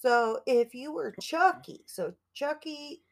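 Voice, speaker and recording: A woman co-hosting a podcast, bantering in an unhurried, teasing way. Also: high-pitched, expressive. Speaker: podcast co-host.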